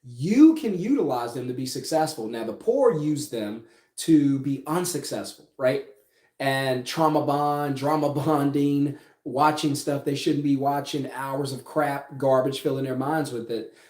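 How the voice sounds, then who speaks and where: A man's voice: medium pitch, unhurried, darkish tone. A man giving an emphatic motivational business talk, firing rhetorical questions and tagging lines with "right?". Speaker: business coach. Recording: echoey room.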